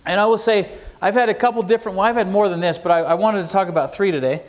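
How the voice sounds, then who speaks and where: Middle-aged male speaker, slightly high voice, folksy lecture style with audience questions. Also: fast talker. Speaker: entrepreneur speaker. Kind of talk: lecture to students. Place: university lecture hall.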